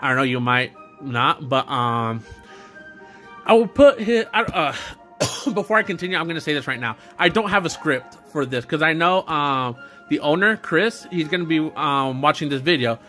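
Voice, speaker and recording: A man's voice: on the high side, animated, moderate pace, pushed and bright, faint music behind. A young man talking off the cuff in a casual vlog, rambling with lots of fillers and restarts. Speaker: YouTuber doing an unboxing video. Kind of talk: unscripted casual vlog talk.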